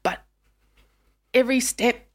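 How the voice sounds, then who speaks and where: A woman hosting a podcast in casual chat, talking emphatically and dropping to a hush when she quotes someone. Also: slow. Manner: chatty, emphatic, drops to a hush when quoting. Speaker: podcast host.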